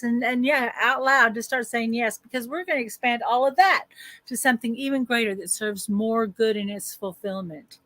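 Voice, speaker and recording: Woman coach leading slow spoken affirmations. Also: on the high side, a bit bright, dry recording. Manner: slow, drawn-out spoken affirmations with repeated phrases. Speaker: life coach. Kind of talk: guided affirmation session on a group call.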